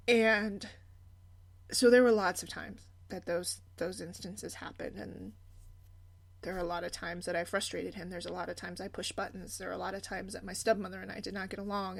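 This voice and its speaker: A woman's voice: medium pitch, gravelly. A woman hosting a personal storytelling podcast, speaking candidly and laughing often as she tells stories about her family. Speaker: podcast host.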